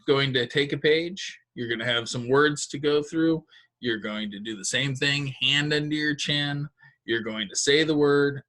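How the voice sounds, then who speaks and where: A man's voice: mid-range voice, bright, forceful tone. A man teaching a phonics lesson to second graders, giving patient, step-by-step instructions.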